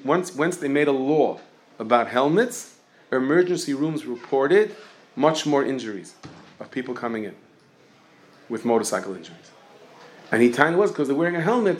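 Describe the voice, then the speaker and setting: A man teaching an informal Torah class, telling stories and jokes and sprinkling in Hebrew and Yiddish terms. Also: a little high. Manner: lively storytelling, mixes Yiddish and Hebrew terms.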